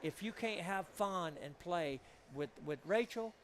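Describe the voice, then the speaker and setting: A man's voice: sits high, animated, measured pace, a little hiss or hum. A man, commentating pool in a booth and joking through long stories. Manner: chatty, joking storyteller.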